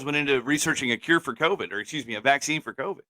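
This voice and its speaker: Bright, heated man venting. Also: mid-range voice, racing, dry recording. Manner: heated, swears freely, builds to angry outbursts. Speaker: podcast co-host. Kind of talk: casual opinion talk.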